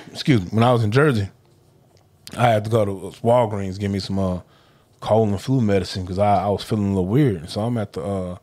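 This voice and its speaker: A man's voice: lowish voice, fairly quick. A man co-hosting a podcast, telling rambling stories in slangy casual talk. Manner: rambling, animated storytelling with slang and repeats. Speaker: podcast co-host.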